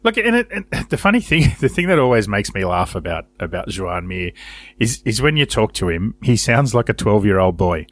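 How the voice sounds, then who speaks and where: A man co-hosting a casual motorsport chat, telling stories in a sweary, animated way. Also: on the low side, moderate pace, no room sound. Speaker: podcast co-host.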